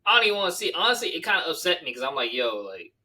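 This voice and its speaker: A man's voice: fairly high pitch, sing-song, racing, pushed and bright. A man co-hosting a casual podcast, dropping short, profane, joking interjections. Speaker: podcast co-host.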